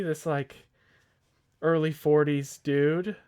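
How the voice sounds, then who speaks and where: A man's voice: mid-range voice, steady tone, moderate pace. A young man on a podcast telling a long, rambling work story in casual chat, swearing freely and quoting the people in it. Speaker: podcast co-host.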